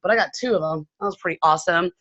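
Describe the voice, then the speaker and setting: A woman's voice: fairly low pitch, rapid-fire, fairly bright tone, no room sound. A woman from San Diego sharing a bubbly, rambling recap of a convention on a video call. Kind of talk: excited casual chat on a video call. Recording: dull, dry video call audio.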